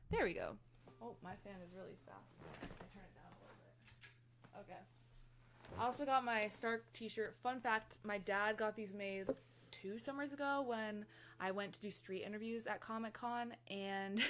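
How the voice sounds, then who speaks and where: A young woman chatting casually and excitably with viewers on a live stream from her room, rambling from one story to the next. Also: medium pitch. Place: her room, fan running.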